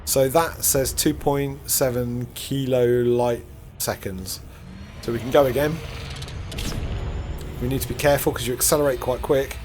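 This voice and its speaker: A man's voice: medium pitch, background noise. A middle-aged man giving casual, rambling commentary while playing a space game, often laughing at himself. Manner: rambling, self-deprecating, chuckles to himself. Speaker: gaming channel host.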